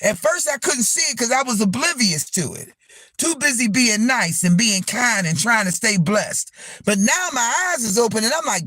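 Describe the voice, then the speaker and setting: A man hosting a live stream, giving a casual, preachy rant to his viewers, swearing freely and dropping gospel phrases, swinging between shouts and low asides. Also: sing-song, moderate pace, slightly rough, no room sound. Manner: uses profanity and gospel phrases. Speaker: livestream host.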